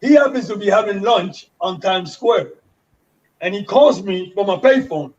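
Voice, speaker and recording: A man from Panama telling stories as a guest in an interview, animated and acting out what other people said. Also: high voice, moderate pace. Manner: animated storyteller who acts out others' dialogue. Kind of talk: casual storytelling interview. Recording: distant mic, dull lo-fi sound.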